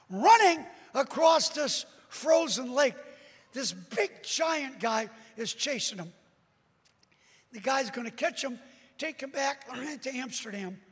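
A man preaching a sermon as a dramatic storyteller who breaks into sudden shouts. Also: high voice, breathy edge, in a large hall.

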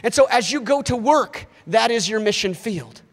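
Brief: male preacher in his thirties, high voice, lively delivery, reverberant church hall. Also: moderate pace. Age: 30s. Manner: animated, acts out quoted voices. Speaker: visiting missionary preacher. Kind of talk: sermon.

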